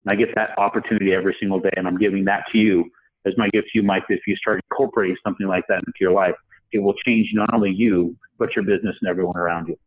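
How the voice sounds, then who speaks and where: A man's voice: sits low, steady tone, rapid-fire, narrow, tinny audio. A man telling a personal story in a podcast interview, acting out the voices of people he quotes. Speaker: podcast guest. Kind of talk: storytelling in a conversation.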